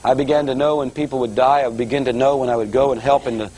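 A man's voice: medium pitch, steady tone, racing, a little mellow, slightly rough, low-quality recording. A middle-aged man preaching, telling his conversion story as a testimony and speaking straight to the folks listening. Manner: storytelling, addresses folks directly. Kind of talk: testimony sermon.

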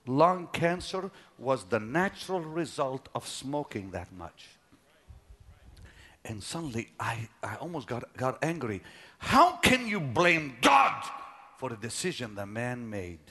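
A middle-aged preacher telling a personal story in a sermon, dropping to a hush and then rising to shouts. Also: male voice, mid-range voice, expressive, unhurried. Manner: dramatic, swings from hushed to shouting.

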